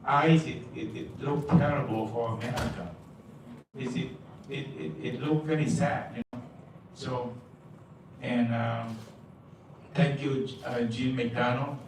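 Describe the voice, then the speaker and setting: Halting man speaking from far off in a hall. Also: medium pitch, fairly even intonation, noisy background. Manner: halting, repetitive, broken English. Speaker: public commenter. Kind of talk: public comment at a meeting. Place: large echoey meeting hall.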